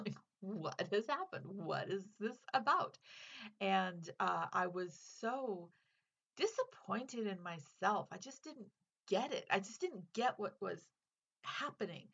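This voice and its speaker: A woman's voice: mid-range voice, gravelly, fairly bright tone. Chatty woman teacher, slightly muffled sound. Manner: chatty, earnest, conversational with fillers. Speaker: English teacher hosting a literature podcast. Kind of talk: casual spoken lesson.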